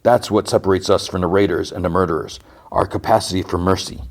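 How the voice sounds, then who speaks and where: A podcast host with a low, fairly even voice talks fast as he casually retells a TV episode scene by scene. He quotes the characters loosely and drops in his own asides.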